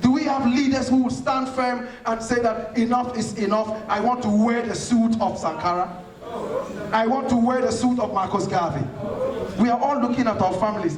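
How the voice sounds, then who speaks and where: With an extremely high pitch and a normal pace, a man from Ghana passionately answers questions from an audience in a hall. His delivery is fiery and rhetorical, like a sermon, and crowd noise fills the distant, echoey recording.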